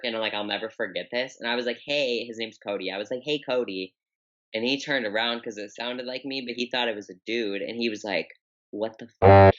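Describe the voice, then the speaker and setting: A young woman with a deep, low voice for a woman, talking candidly and rambling with lots of fillers as a podcast guest. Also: pushed and bright. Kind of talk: casual interview talk. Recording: dull, muffled audio.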